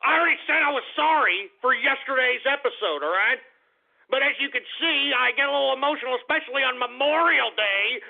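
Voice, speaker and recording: A male talk radio host delivering an angry, profane monologue, repeating himself and bursting into shouts. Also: extremely high pitch, creaky. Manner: repeats phrases over and over. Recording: tinny, phone-like lo-fi sound.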